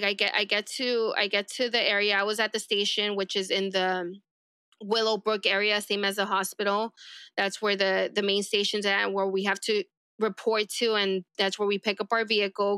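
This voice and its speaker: A woman's voice: mid-range voice, pushed and bright, smooth, dry recording, studio quality. A young woman from East Los Angeles, a sheriff's deputy telling her story casually in an interview, rambling with lots of "like". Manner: rambling, heavy use of "like", acts out quoted remarks.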